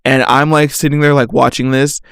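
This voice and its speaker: A young man hosts a solo podcast, rambling casually through a story full of slang and "like" fillers and often laughing at himself. His medium-pitched voice is level, brisk, and fairly bright, recorded cleanly in studio quality with no echo.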